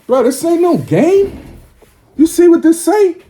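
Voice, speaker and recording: A man's voice: very high-pitched, expressive, measured pace, dark tone. A man in his forties delivering a confrontational, preachy monologue to his viewers, profane and scolding. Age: 40s. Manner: scolding, lecturing tone.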